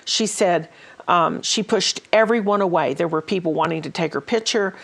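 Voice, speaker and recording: A woman's voice: lowish voice, moderate pace, vocal fry. A woman hosting a ministry talk show, telling stories in a casual way with many fillers and restarts. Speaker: host.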